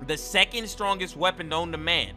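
A man voicing a gruff undercover male cop in a game role-play. He speaks low and flat. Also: moderate pace, faint music behind.

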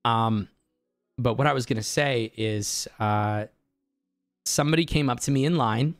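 A hoarse man, a voice actor, telling stories excitedly and laughing easily in a casual streaming chat. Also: medium pitch, dry recording, clean studio sound, faint music behind. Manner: excitable storyteller, quick to laugh. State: hoarse from an inflamed larynx.

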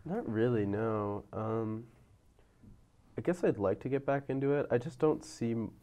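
A man's voice: medium pitch, unhurried, warm tone. A man, a stand-up comedian guest on a talk show, who jokes around and laughs often. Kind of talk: casual talk show chat.

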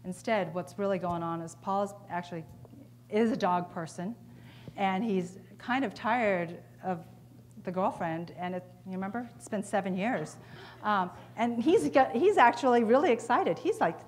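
A woman's voice: mid-range voice, normal speed. A woman giving a conference keynote, talking in a conversational way and putting questions to the audience. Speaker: keynote speaker. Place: conference hall.

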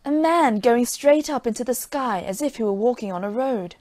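A woman's voice: a little high, expressive, moderate pace, darkish tone, no echo, pitched above the performer's own voice, natural voice. A woman voicing a crafty old soldier who talks his way into money. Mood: sly. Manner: sly, smooth-talking.

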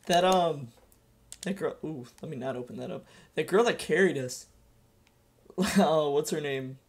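A young man hosting a casual gameplay commentary with a friend, energetic and swearing freely. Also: a little high, a little slow. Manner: energetic, loud, swearing banter. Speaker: gaming channel host.

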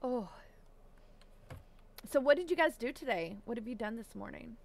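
A woman's voice: a little high, expressive, normal speed, creaky. A woman live-streaming a game, chatting casually and bubbly, giggling and greeting viewers by name. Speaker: Twitch streamer.

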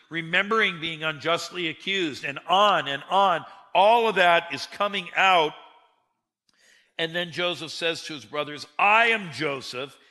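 Bright-voiced preacher in a reverberant hall. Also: male voice, on the high side. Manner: animated storyteller who acts out quotes. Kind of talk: sermon.

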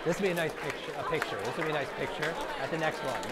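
A man giving an energetic motivational talk to a live audience as a learning coach, repeating key phrases and often asking "right?". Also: fairly high pitch, rapid-fire, a loud crowd, heavy background noise. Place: event room with a live audience.

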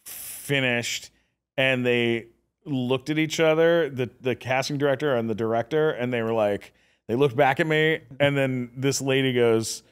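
A man as a podcast guest, telling a story in a casual, animated way, laughing often and saying "like" a lot. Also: mid-range voice, a little slow, clear, resonant tone. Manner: animated, laughs often, acts out quoted voices, heavy use of "like".

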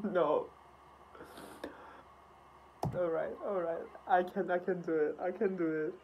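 A woman with hosting a music video reaction, gasping, laughing and swearing excitedly. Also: fairly low pitch, moderate pace, highs cut off, slight background noise.

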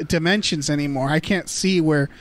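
High-voiced joking podcast guy. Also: normal speed. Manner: joking, rambling, trails off mid-sentence. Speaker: podcast co-host. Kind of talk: casual chat.

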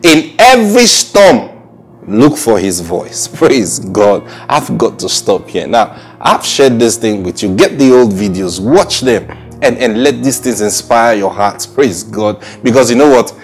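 A middle-aged man delivers a recorded sermon in an earnest, repetitive way. His voice sits at an ordinary pitch for a man. Soft music plays faintly underneath. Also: very animated, unhurried. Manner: earnest, often repeating praise phrases; frequent restarts and stammers. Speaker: preacher.

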